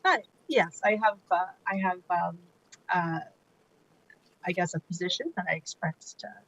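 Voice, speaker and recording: A woman's voice: on the low side, expressive, unhurried, fairly bright tone, low-quality recording. A woman answering at a hearing over a video call, hesitant and full of fillers but good-humored. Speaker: defendant at a hearing. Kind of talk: hearing testimony.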